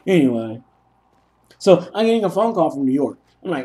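Animated, rambling young man gaming. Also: on the high side, normal speed. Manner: rambling, self-mocking storytelling. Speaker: gaming commentator. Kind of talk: let's play commentary.

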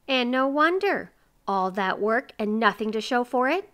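A woman's voice: on the high side, animated, a little slow, fairly bright tone, voice pushed up. A woman reading kindly, bossy neighbor ladies. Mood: coaxing. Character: kindly bossy middle-aged neighbor women.

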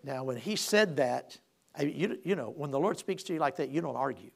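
Gravelly male preacher telling a story. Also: mid-range voice, lively intonation, fairly quick. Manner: storytelling with repeated restarts, swelling in emphasis. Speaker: pastor. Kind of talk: sermon, personal story.

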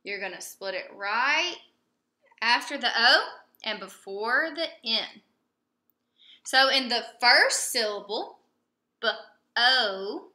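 A young woman teacher walks young pupils through a phonics lesson at an unhurried pace, waiting for their answers and praising them. Her voice is very bright and fairly high. The room around her sounds echoey. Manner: patient, prompting and praising pupils with pauses. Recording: roomy echo.

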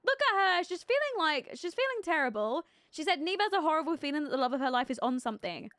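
Chatty woman streamer, high voice. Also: quick pace, dry recording, clean studio sound. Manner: chatty, thinks aloud, bursts into excited reactions. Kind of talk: live gameplay commentary.

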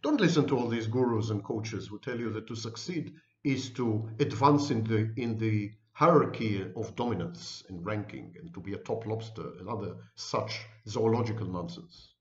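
A man's voice: fairly low pitch, normal speed, reverberant, lo-fi sound. A man delivering a scornful, emphatic monologue to his viewers as host of his own channel. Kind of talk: direct-to-camera monologue.

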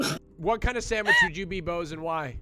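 A man's voice: high-pitched, animated, a little fast, sharp tone. A man hosting a casual game show on a call, joking and laughing easily. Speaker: host.

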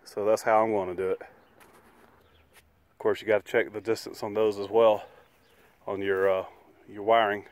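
A man's voice: on the low side, flat delivery, unhurried, pauses often, no room sound. Folksy man explaining RV towing steps. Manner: folksy, chatty, explains step by step. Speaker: RV vlogger. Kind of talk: casual how-to vlog. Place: outdoors beside his RV.

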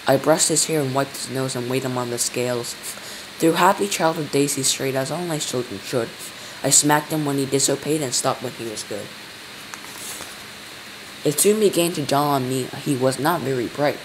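A man's voice: medium pitch, normal speed, noisy background, close to an everyday voice. A man voicing a bossy old nanny in her eighties, scolding and reciting a sing-song rhyme in a storybook reading. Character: old bossy female nanny, vice president.

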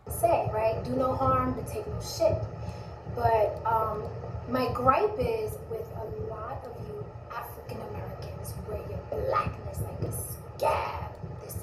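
A woman's voice: a little high, fairly even intonation, slow pace, distant mic. Woman in an echoey, noisy clip. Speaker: commenter in a played clip. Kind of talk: opinionated monologue.

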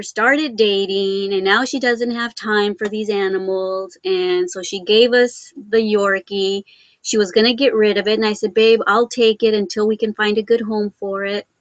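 A woman's voice: mid-range voice, dry recording. A middle-aged woman hosting her crafts channel, chatting casually and rambling with frequent laughs on a live stream from home.

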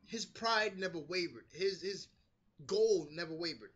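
Casual New male reviewer, high and bright, excitable and profane. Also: a little slow, muffled recording. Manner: animated, swears freely, acts out quotes. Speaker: TV episode reviewer. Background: street construction noise.

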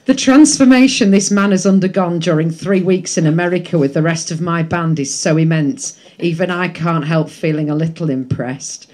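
A woman's voice: lowish voice, moderate pace, few pauses, a little mellow. Woman reading aloud to an audience. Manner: chatty asides between read passages. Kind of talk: reading a book excerpt to a live audience. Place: bookshop event before an audience.

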